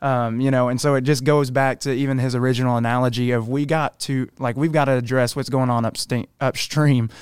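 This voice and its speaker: Smooth-voiced man chatting and laughing. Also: medium pitch, steady tone, brisk, hardly any pauses, dry recording, clean studio sound. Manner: chatty, laughs easily, storytelling. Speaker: podcast co-host. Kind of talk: casual chat.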